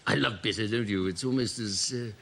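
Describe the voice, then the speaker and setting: A man's voice: lowish voice, a little fast, vocal fry, fairly bright tone. A man playing a posh older royal on a pub crawl, rambling and tipsy. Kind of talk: improvised comedy sketch. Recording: noisy studio with audience laughter.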